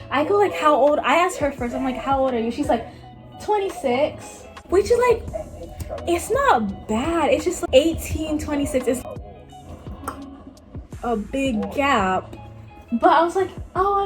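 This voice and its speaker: High-voiced teen girl rambling a story. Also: lively intonation, measured pace, pauses often. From Miami. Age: late teens. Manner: rambling, lots of "like", acts out others' lines. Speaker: vlogger. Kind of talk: casual storytime. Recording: music playing behind her.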